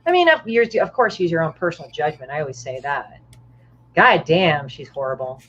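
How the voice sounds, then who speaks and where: Woman guest, low-pitched, blunt and foul-mouthed storyteller, muffled lo-fi sound. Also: lively intonation, moderate pace, fairly bright tone, a little hiss or hum. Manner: blunt, profane storyteller who acts out other people's lines. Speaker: guest comic artist. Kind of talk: casual podcast chat. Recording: dull, muffled lo-fi audio.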